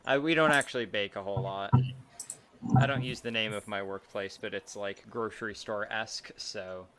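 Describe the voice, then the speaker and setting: A man's voice: on the low side, normal speed, a loud crowd. A man chatting casually as a guest, making dry joking asides. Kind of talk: casual chat.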